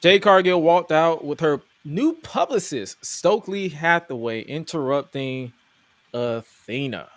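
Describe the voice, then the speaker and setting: A man's voice: fairly high pitch, lively intonation, a little slow, fairly bright tone, a little hiss or hum. A man hosting a podcast, recapping wrestling in a casual, joking, incredulous way. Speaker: podcast host.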